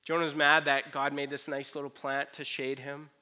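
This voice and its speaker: A man preaching a conversational sermon. He retells a Bible story and acts out the characters' lines in quick asides. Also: fairly high pitch, flat delivery, bright, forceful tone, clear, resonant tone. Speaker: pastor.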